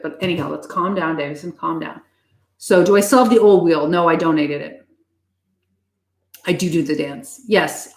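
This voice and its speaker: A woman chatting with viewers on a live stream, blunt and heavy on swearing, quick to switch tone. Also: fairly low pitch. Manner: profane, blunt and fast-shifting. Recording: echoey room.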